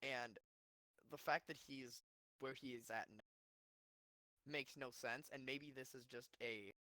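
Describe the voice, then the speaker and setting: A man's voice: mid-range voice, steady tone, unhurried, bright, forceful tone, no room sound, low-quality recording. A man acting as league commissioner, rambling through casual fantasy football chat with many restarts.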